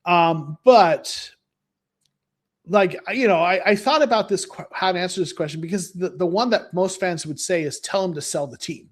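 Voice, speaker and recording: A man appears as a football fan guest in casual podcast chat, rambling with lots of restarts and fillers. His voice sits high, and his pace is moderate.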